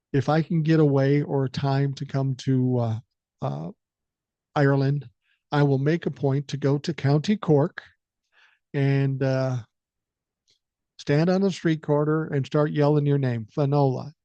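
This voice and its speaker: A man in his sixties reads listener emails on his podcast and breaks in with blunt, joking, often profane remarks. His voice is mellow and dark. The recording is dry and a little dull. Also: medium pitch, no echo. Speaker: podcast host. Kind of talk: reading listener emails aloud with commentary.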